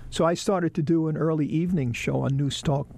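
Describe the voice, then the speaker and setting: A man telling lively stories about his broadcasting career in a casual interview, acting out the people he quotes. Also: fairly high pitch, a little fast, creaky. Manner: animated storyteller, acts out quoted bosses. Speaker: broadcaster guest.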